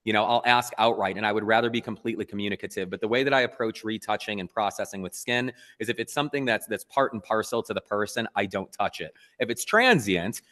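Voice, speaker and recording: Male photographer guest, earnest and lively storyteller, long room reverb. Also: lowish voice, fast, few pauses. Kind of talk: casual interview talk.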